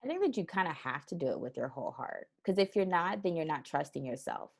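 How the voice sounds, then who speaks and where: Lively, laughing woman with a low voice. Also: fast talker, creaky. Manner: animated storyteller who acts out quoted voices; laughs often while talking. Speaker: guest, transformation strategist. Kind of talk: casual interview chat.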